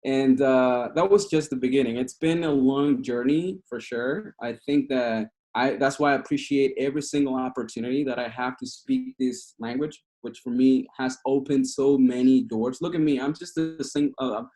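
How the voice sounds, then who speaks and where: A man from Cuba speaks English with a Cuban Spanish accent, his first language being Spanish. He talks casually and passionately, often restarting his sentences, in a voice of ordinary pitch. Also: moderate pace, few pauses, warm tone. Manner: passionate, rambling, with frequent restarts. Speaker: guest speaker. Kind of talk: casual talk over a video call.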